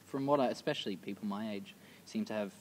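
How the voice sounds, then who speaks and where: Fast-talking male interviewer. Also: fairly low pitch, slight background noise. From England. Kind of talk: casual interview. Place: backstage room.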